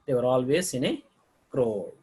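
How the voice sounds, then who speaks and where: Man, teacher, husky voice, halting lecture, reads examples aloud. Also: medium pitch, expressive, dark tone, rough recording. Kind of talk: lecture on figures of speech.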